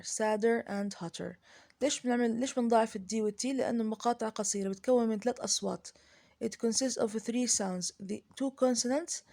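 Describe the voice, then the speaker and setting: A woman with an Arabic accent walks through an English grammar lesson, her voice mellow and a little high. She speaks slowly and carefully, often pausing on fillers and restarting her sentences, and she slips into Arabic to explain the rules. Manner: slow, deliberate, hesitant with many fillers and restarts. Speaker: English teacher.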